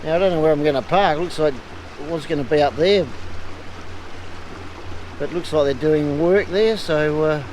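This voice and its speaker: A man with an Australian accent talking casually on a river boat, with relaxed swearing and plenty of "uh" fillers. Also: fairly high pitch, normal speed, pauses often, slight background noise, poor audio. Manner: laid-back, swears casually, many "uh" fillers. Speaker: travel vlogger. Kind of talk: casual vlog narration. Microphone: handheld camera mic.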